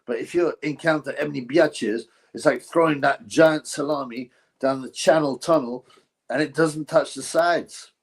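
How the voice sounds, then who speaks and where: Hosting a live stream, a man with a slightly high voice speaks at a moderate pace, ranting bluntly over a boxing event. Between chuckling asides, he reads viewer donations aloud.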